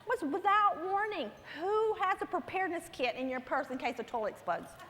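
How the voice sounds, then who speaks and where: A pastor's wife telling a humorous story to a women's conference, animated and laughing, her voice climbing into near shouts. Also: very high-pitched, brisk. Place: large church hall with audience. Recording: long hall reverb, faint room noise.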